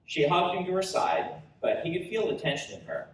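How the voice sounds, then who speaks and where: A man reading his own story aloud at a convention panel, animated and storytelling. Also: high voice, a little fast, far from the mic. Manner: animated storytelling with character voices. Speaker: author reading his work. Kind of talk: live reading of a book prologue. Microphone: audience recorder in front row. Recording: roomy hall recorded from audience.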